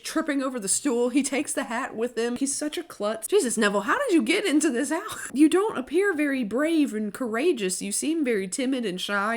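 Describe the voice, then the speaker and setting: A young adult woman, hosting a casual book breakdown with joking asides. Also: mid-range voice. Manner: animated, joking, chatty asides. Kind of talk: casual chat retelling a book.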